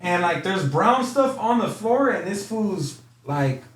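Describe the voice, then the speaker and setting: High-voiced man telling a slangy story. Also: very animated, unhurried. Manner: loose, slangy, rambling delivery with many fillers. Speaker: interview guest. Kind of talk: casual storytelling interview.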